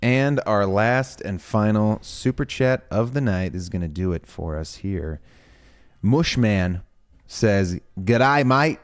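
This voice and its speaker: A man's voice: on the low side, slow pace, a little mellow, clear, resonant tone. A man co-hosting a live stream who reads out viewer messages with a dry, laid-back delivery. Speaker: co-host reading viewer messages. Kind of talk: casual live-stream chat.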